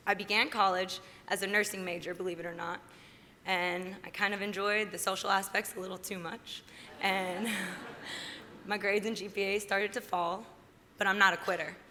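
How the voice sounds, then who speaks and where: A woman's voice: mid-range voice, normal speed. Earnest young woman giving a speech in a hall. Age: 20s. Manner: earnest and heartfelt, lifting with excitement. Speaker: award winner giving an acceptance speech. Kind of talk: prepared acceptance speech. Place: large hall at a podium. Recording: reverberant hall with faint background noise.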